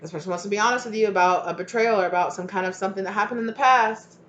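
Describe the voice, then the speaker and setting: A woman's voice: medium pitch, very fast, a bit bright, echoey room, lo-fi sound. A woman giving a casual tarot reading, chatty and loose, often trailing off and restarting her thoughts. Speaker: tarot reader.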